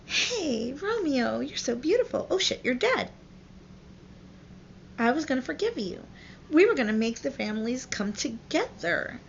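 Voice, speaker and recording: A melodramatic young teen girl, put on by a woman, gushes high and breathless, swinging between swooning and panic. Her voice sits well above the narrator's own. The recording is dull and lo-fi. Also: sing-song, moderate pace, creaky, pauses often, a little hiss or hum, full character voice. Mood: dramatic. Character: gushing dramatic fourteen-year-old girl.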